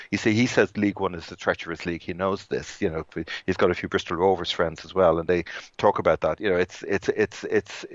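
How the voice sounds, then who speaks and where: A man's voice: sits low, no room sound, dull audio. A man co-hosting a podcast in casual football chat, rambling with many restarts. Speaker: podcast co-host.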